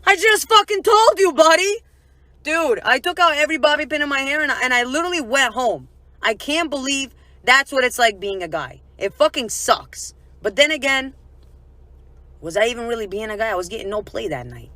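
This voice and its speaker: A woman telling a comic story in a casual, animated way, swearing freely. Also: on the high side, brisk, no room sound.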